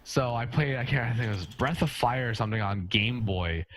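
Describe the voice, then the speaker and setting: A man's voice: mid-range voice, a little fast, a bit bright, a little hiss or hum. A man co-hosting a casual gaming podcast, rambling through stories and laughing often. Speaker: podcast co-host.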